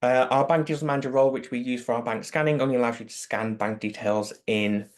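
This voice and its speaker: A man's voice: mid-range voice, fast talker. A man answering webinar questions as a product expert, explaining things in a practical, matter-of-fact way over a video call.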